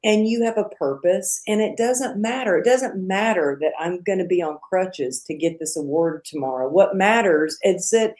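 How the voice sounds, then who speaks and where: A middle-aged woman, a podcast guest, telling a personal story in a casual, animated way and acting out the quotes. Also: on the low side, moderate pace, hardly any pauses.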